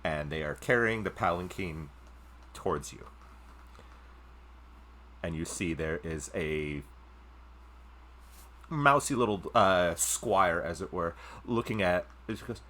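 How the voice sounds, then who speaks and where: A man narrating as game master of a live tabletop game, describing scenes in an unhurried way with fillers. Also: low-pitched, expressive, fairly bright tone, a little hiss or hum.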